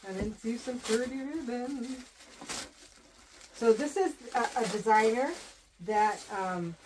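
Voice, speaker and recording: Slow-talking New woman unboxing ribbon. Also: a little high, background noise. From Southern New Hampshire. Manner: chatty, rambling, restarts and repeats phrases. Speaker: wreath designer and vlogger. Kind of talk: casual unboxing chat.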